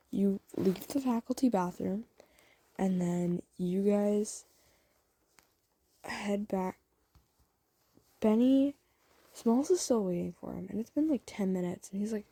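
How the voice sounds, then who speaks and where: A woman's voice: mid-range voice, mellow, low-quality recording. A woman telling a romantic fan story to the listener in a chatty, rambling way full of fillers. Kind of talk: casual spoken fan story.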